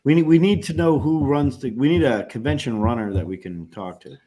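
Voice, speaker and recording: A man's voice: medium pitch, brisk, dark tone. A man hosting a casual live-stream chat with friends, joking and talking over the others. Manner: jokey, talks over others, trails off. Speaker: show host.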